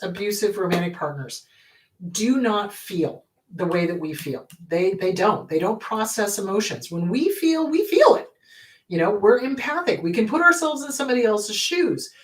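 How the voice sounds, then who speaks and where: A woman therapist hosting her show, answering a viewer's question in an emphatic way and acting out what parents say. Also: medium pitch. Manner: animated and emphatic, acts out quoted parents.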